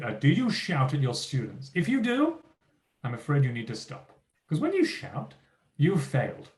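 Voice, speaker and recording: A man's voice: fairly high pitch, echoey room. A man giving a motivational keynote talk to teachers, speaking emphatically and acting out what teachers and children say. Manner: lively, emphatic, acts out quoted teachers and children.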